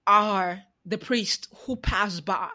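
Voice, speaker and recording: A woman's voice: mid-range voice, slow, sharp tone. A woman speaking in an interview, building into an impassioned preaching cadence with repeated rhetorical questions. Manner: many fillers and restarts. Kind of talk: conversational interview.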